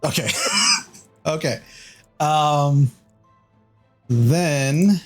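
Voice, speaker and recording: A man running a tabletop game as dungeon master, narrating slowly with frequent fillers. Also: fairly high pitch, a little mellow, faint music behind. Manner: slow, halting narration with many fillers.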